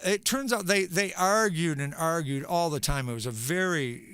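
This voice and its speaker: A man's voice: fairly high pitch, moderate pace, fairly bright tone, smooth. A singer-songwriter man chatting on a live stream between songs, rambling and searching for words with plenty of fillers.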